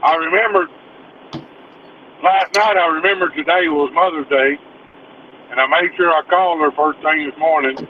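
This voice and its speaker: A man's voice: fairly high pitch, normal speed, long pauses. A man chatting frankly and offhandedly as a guest on a livestream. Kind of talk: casual livestream chat. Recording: lo-fi call audio with faint noise.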